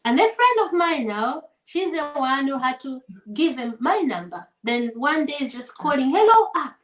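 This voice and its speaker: A high-pitched woman spins an animated story in easygoing conversation, laughing often and slipping into voices for the people she describes. The sound is roomy, with a clear echo off the walls. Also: normal speed. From Zambia. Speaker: guest singer. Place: home setting over a shared meal.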